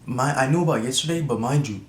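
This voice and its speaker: A man's voice: mid-range voice, fast. A young man from Atlanta telling a personal story to camera in a rambling, slangy way, full of restarts and asides. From Atlanta, USA. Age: young adult. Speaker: YouTuber. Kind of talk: casual storytime monologue. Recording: roomy echo, faint background noise.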